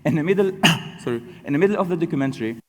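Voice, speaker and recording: A young man giving a personal storytelling talk to an audience, halting and self-correcting but good-humored. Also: on the high side, expressive. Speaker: speaker telling his story to an audience. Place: large hall with an audience. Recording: long hall reverb.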